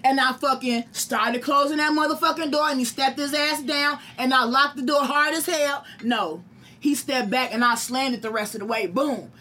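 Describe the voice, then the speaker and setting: A young adult woman telling a profane, animated story to friends and acting out the quotes. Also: sits high, moderate pace.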